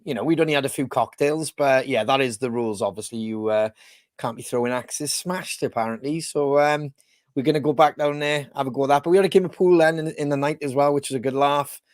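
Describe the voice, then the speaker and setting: A man's voice: medium pitch, a little fast, no room sound, studio quality. A man co-hosting a podcast, chatting in a rambling, easygoing way with lots of fillers over a video call. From Wales. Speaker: podcast co-host. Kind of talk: casual chat.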